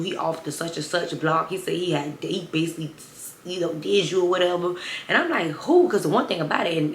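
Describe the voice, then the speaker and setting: Young woman w/ spilling a story, kinda low voice, echoey room, faint background hum. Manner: chatty, emphatic, addresses viewers as y'all. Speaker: storytime vlogger. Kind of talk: casual storytime chat. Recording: roomy echo, faint ambient noise.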